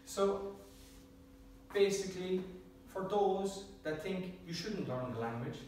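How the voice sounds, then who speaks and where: A man's voice: high voice, lively intonation, slow pace, darkish tone, a little hiss or hum. Joking Irish man in echoey room. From Ireland. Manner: joking, self-deprecating, chuckles often. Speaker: club speaker. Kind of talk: prepared humorous speech. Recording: very echoey room, distant mic.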